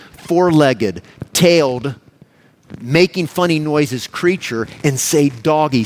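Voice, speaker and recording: A man preaching a sermon, emphatic and explanatory, asking the congregation rhetorical questions as he works through a passage verse by verse. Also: on the high side.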